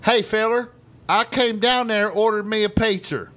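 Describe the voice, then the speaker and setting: A man's voice: high-pitched, fairly even intonation, moderate pace, a bit bright, pitched above the performer's own voice. A man doing a drawling country customer. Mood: complaining. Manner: drawling, folksy country talk. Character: rough-spoken rural man, a complaining pizza customer.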